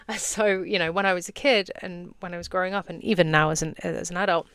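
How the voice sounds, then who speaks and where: A woman's voice: on the low side, steady tone, fairly quick, hardly any pauses, a bit bright, smooth, no room sound. A young adult woman hosting a casual solo podcast as a coach, chatty, laughing often, swearing freely and acting out little scenes as she explains. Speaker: podcast host and business coach.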